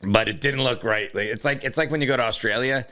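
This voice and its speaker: A man co-hosting a comedy podcast in loose, profane, joking chat, laughing often and slipping into quick impressions. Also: mid-range voice, pushed and bright. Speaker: podcast co-host.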